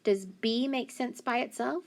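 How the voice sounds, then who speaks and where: A woman's voice: fairly high pitch, vocal fry. Patient woman teaching phonics. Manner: patient, encouraging, stretches out sounds slowly. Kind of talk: phonics lesson, sounding out words.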